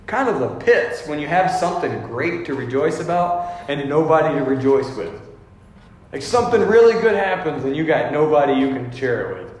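A man preaching in a big church space, and his fairly high voice rings out through a very echoey hall with a long reverb tail. He is emphatic and conversational. A faint hum of ambience sits behind him. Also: big pitch swings, normal speed. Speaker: pastor. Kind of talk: sermon.

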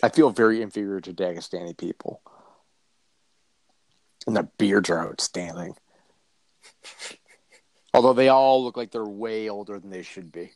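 A man's voice: on the low side, moderate pace, long pauses, a little mellow, no echo. Rambling, profane male podcast co-host. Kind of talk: casual chat about fight news.

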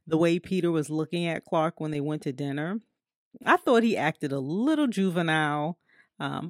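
Woman movie reviewer, low and dry, chatty, laughs often and fills pauses. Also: no room sound. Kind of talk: casual spoken movie review.

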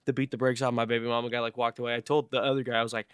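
A man's voice: mid-range voice, level tone, racing, clear, resonant tone, dry recording, studio quality. A man chatting casually on a podcast, telling stories and acting out his coworkers' lines with lots of swearing. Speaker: podcast host. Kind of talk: casual chat, storytelling.

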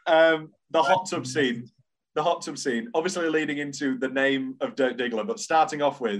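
A man's voice: fairly high pitch, normal speed. A man, co-hosting a podcast and working through his notes on a film, quoting its lines as he goes. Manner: reads scene notes aloud, quoting lines. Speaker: podcast co-host. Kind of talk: casual film discussion.

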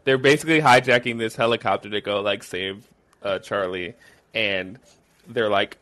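Animated, bright-voiced man. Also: on the low side, fairly quick. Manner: laughing, profane storytelling. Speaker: podcast co-host. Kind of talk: casual chat.

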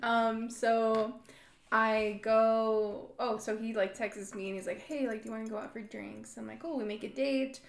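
A woman's voice: fairly high pitch, steady tone, moderate pace, gravelly. A woman in her thirties hosting a podcast, telling a story in casual chat, acting out quotes and laughing often. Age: 30s. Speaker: podcast host. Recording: roomy echo.

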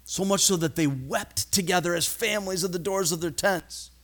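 A man preaching a sermon, animated and acting out voices, often stumbling and repeating words. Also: sits high, normal speed. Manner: animated, acts out voices in quotes. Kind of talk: expository sermon.

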